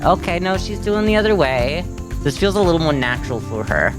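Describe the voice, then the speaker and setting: A man's voice: a little high, animated, a little fast, over music. Giggly, rambling male game streamer. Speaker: streamer playing a video game. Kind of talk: casual game commentary.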